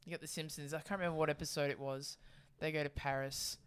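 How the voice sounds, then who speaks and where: A woman co-hosting a casual chat podcast, telling jokes and stories in an animated way. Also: sits low, quick pace, crowd noise. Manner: animated storyteller, acts out quotes. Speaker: podcast co-host.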